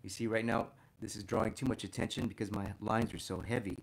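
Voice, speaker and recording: A man teaching a figure drawing lesson as he sketches, talking warmly to viewers as "my friends" and getting excited about the details he spots. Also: lowish voice, fast, creaky, slight background noise. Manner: enthusiastic, talks to "my friends" while drawing. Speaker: art instructor.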